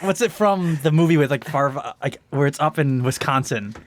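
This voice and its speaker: A man's voice: a little high, normal speed, a little hiss or hum. A man co-hosting a live podcast, chatting casually and telling jokey stories. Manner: joking, animated storyteller. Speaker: podcast co-host.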